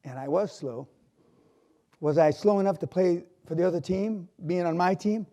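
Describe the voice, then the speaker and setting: An older man giving a live motivational talk in a university hall, telling stories bluntly and with swearing, swinging from loud to quiet. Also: high-pitched, normal speed. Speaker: motivational speaker.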